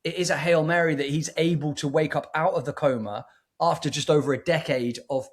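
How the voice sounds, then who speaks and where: A man chats eagerly as co-host of a movie review show, his voice sitting a little on the higher side. He gets carried away, repeating words and restarting sentences. It's loose, casual podcast talk. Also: fairly quick. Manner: excitable, effusive, stumbles and restarts.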